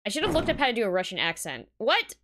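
A woman's voice: on the high side, wildly swooping pitch, fast, noisy background. A woman streaming a game, chatting casually and giggling as she greets viewers. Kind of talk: casual live-stream chat. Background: music.

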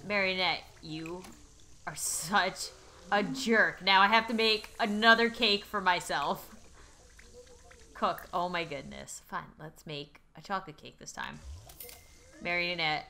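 A woman's voice: medium pitch, animated, normal speed, sharp tone. A woman hosting a let's play video, talking through her game and shrieking at it when things go wrong. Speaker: gaming YouTuber host.

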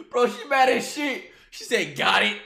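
A young man reacts live on stream, swearing and laughing easily. His bright voice leaps up and down in pitch. The sound is roomy, with a clear echo around him. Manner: excitable, swears freely, bursts of laughter.

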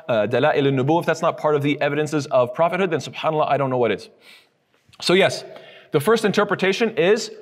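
A man delivering an Islamic lesson at a brisk clip, animated and given to acting out quick exasperated voices. His voice sits slightly high for a man and rings with a long hall reverb. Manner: animated, acts out scoffing voices. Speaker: Islamic teacher. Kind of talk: recorded lesson on hadith.

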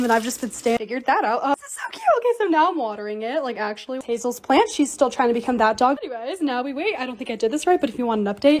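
A young woman chatting through her own vlog, narrating each task step by step in an excitable, casual way. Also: high-pitched. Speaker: TikTok creator.

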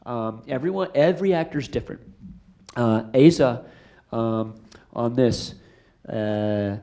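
A middle-aged male director takes questions in a theater after a screening. His voice sits at an ordinary middle pitch. He tells his stories with a rambling, animated energy, full of restarts and fillers. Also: takes it slowly. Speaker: film director answering audience questions. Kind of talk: casual storytelling Q&A.

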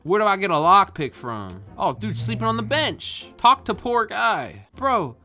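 A man's voice: high-pitched, very animated, moderate pace, pushed and bright, faint music behind. A man giving jokey, casual commentary while playing a video game and reading its text aloud. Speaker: gaming YouTuber.

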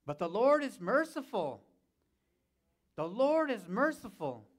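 High-voiced man preaching a sermon. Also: very animated, takes it slowly. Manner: preaching with repeated calls of "Amen?" to the congregation. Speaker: pastor. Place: church sanctuary.

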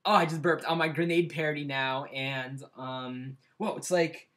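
A man's voice: fairly high pitch, steady tone, normal speed, a bit bright. A man chatting casually in a home vlog, rambling and self-deprecating, with many ums and restarts, recorded indoors through his computer's built-in mic. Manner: hesitant, full of ums and restarts. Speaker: YouTube vlogger. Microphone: computer webcam mic.

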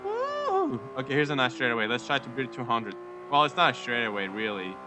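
A young man giving casual, excitable commentary over a racing game, joking and giggling as he drives. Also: mid-range voice, fast, background noise. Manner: excitable, giggly, jokey running chatter. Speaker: gaming YouTuber.

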